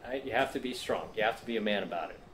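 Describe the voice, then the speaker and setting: Speaking rapidly in a medium, somewhat bright voice, a man hosts his own dating-coaching channel. He addresses the camera emphatically in a coaching monologue, frequently tossing in "right?" There's a little background noise.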